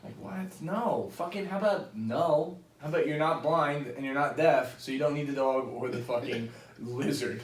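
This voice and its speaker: A man chatting on a casual podcast, lively and profane with a joking edge. His voice sounds roomy and distant from the mic. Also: on the high side, normal speed, few pauses. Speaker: podcast host. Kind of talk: casual chat.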